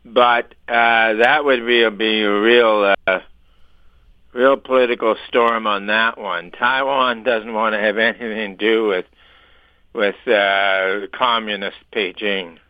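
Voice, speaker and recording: A man's voice: on the low side, fairly even intonation, slow pace, smooth, no echo, muffled recording. A man giving opinionated, sometimes sarcastic commentary as a radio show guest. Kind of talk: casual radio talk.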